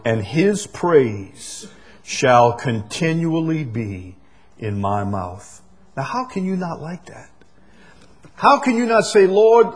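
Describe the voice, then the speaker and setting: A pastor preaches a sermon in a medium-pitched voice with a breathy edge. He is emphatic, repeats key phrases, and swings between loud declarations and soft asides.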